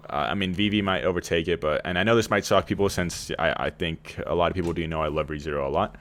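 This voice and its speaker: A man's voice: low-pitched, fast talker, a bit bright. A man co-hosting a casual podcast over a call, rambling and swearing a little, speaking in a raised customer-service voice. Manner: rambling, swears when frustrated. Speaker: podcast co-host.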